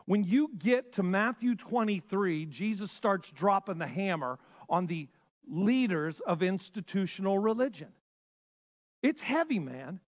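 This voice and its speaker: A male pastor preaching a sermon with passion, swinging between loud bursts and hushed lines. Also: sits high, sing-song, a little slow.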